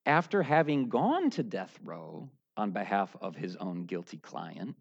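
A man preaching a sermon, going from low, quiet talk up to loud, shouted high points. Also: big pitch swings, measured pace, gravelly, lo-fi sound. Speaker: pastor.

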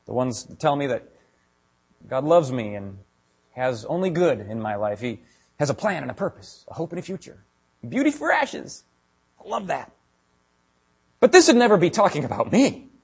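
A man preaching a sermon as pastor, talking casually to his congregation and building to loud, emphatic stretches. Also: on the high side, moderate pace, creaky, long pauses, slightly rough. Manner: animated, builds to raised emphatic delivery.

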